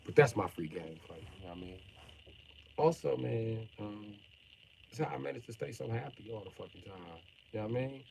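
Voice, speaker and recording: A middle-aged man ranting bluntly and profanely on a live stream, jumping from mutters to sudden shouts while joking around. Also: on the low side, lively intonation, fairly quick, creaky, a little hiss or hum, rough recording. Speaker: livestreamer.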